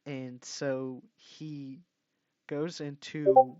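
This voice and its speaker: Speaking at a measured pace in a mid-range voice, a young commentary YouTuber mocks and swears at someone whose views he rejects. He sounds thoroughly exasperated. The recording is a dull, dry lo-fi mic without echo.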